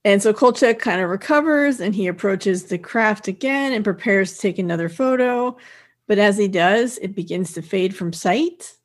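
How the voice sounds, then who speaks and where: A woman with a mid-range voice co-hosts a podcast, retelling a TV episode scene by scene. She keeps a steady storytelling flow, broken by wry remarks and brief laughs. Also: medium pitch. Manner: narrates plot steadily, with quick laughs and wry comments. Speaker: podcast co-host. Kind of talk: casual chat recapping a TV episode.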